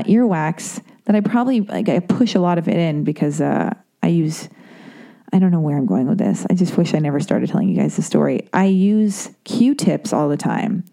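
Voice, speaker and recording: A young woman hosts a podcast and tells a winding personal story. Her voice sits low and mellow. She swears a lot and pokes fun at herself as she goes. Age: young adult. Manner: rambling, profane, self-mocking. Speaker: podcast host. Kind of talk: casual storytelling monologue.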